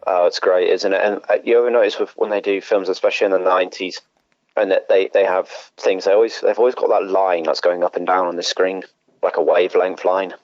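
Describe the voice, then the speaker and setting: A man's voice: deep voice, level tone, fast talker, darkish tone, no room sound, dull audio. A man co-hosting a podcast, chatting casually, exasperated and swearing, laughing often. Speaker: podcast co-host. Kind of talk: casual chat.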